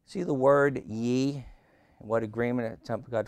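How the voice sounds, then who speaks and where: A man preaching a sermon as pastor, swinging between loud emphasis and quiet asides. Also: medium pitch, steady tone, normal speed, dry recording.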